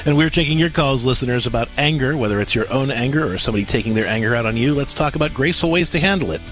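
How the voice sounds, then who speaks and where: A man's voice: medium pitch, animated, rapid-fire, a bit bright, soft background music. A man hosting a call-in radio advice show, speaking conversationally and sometimes searching for words. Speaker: radio host.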